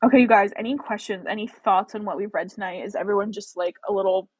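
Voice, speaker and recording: A woman's voice: medium pitch, fast, slightly rough, poor audio. A young woman with a general American accent, hosting a casual book club livestream, rambling and swearing freely with lots of fillers. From American Midwest.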